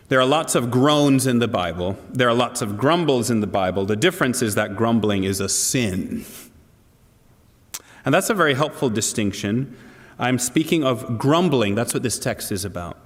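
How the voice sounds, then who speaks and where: Earnest preacher in a reverberant church. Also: male voice, mid-range voice, expressive, normal speed. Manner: earnest, asks the congregation direct questions. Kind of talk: sermon. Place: church hall.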